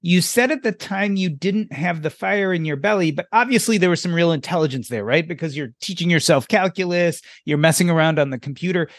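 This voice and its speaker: Higher-voiced man hosting, dry sound. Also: expressive, fairly quick, few pauses, no room sound. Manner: conversational, drawing out the guest. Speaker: podcast host. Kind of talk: interview questions and commentary.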